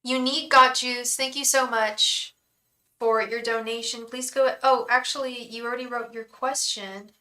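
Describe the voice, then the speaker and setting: Young woman doing a live tarot stream, bright and kinda sharp voice, chatty, keeps thanking folks and repeating herself. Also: fairly high pitch, steady tone, normal speed, rough recording. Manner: chatty and effusive, thanks viewers by name, repeats phrases.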